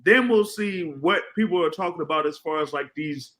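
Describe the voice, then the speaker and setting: A man's voice: on the high side, normal speed, a bit bright, poor audio. A man co-hosting a casual talk show, explaining at length with lots of fillers. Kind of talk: casual chat.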